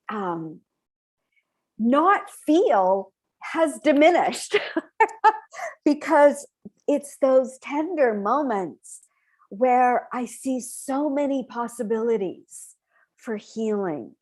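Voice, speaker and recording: A woman's voice: fairly high pitch, a little mellow. A woman minister giving a sermon, heartfelt and emotional, often restarting her sentences. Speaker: spiritual minister.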